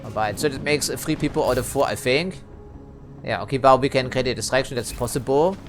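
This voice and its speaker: A man's voice: medium pitch, a little fast, faint music behind. A man giving casual let's play commentary, chatty, hedging and dryly critical as he plays.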